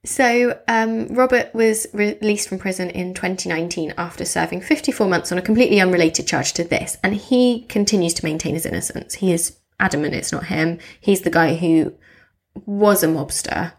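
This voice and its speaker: A woman's voice: fairly low pitch, moderate pace. Woman telling a true-crime case. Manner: lively storytelling, laughs often. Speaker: podcast co-host telling a case. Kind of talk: casual chat.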